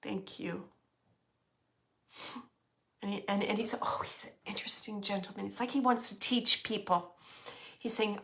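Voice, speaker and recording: A woman working as a medium, giving a spirit reading to an audience, speaking softly, musing aloud and often dropping to a whisper. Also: medium pitch, steady tone, normal speed, creaky, pauses often. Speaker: psychic medium.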